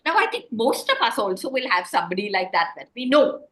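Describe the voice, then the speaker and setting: A woman's voice: a little high, brisk. A woman author telling a story to children over a video call, stopping often to ask them questions. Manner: animated, asks the children questions.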